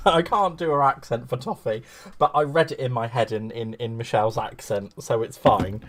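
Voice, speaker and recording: A man's voice: medium pitch, moderate pace. A man hosts a live crafting stream in a loose, chatty voice. He rambles and gushes, and he greets his viewers fondly by name. A faint hiss sits under the recording. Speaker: craft livestream host.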